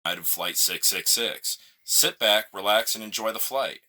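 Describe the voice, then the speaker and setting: A man voicing a smug male airline captain making a slow, drawn-out cabin announcement. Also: lowish voice, bright, forceful tone, voice pushed down.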